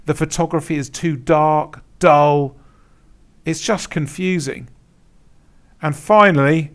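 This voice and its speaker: An Etsy consultant, a man with a voice on the high side, walks through a screen-share tutorial at a measured pace. He's blunt and emphatic, repeats words, and laughs at bad examples.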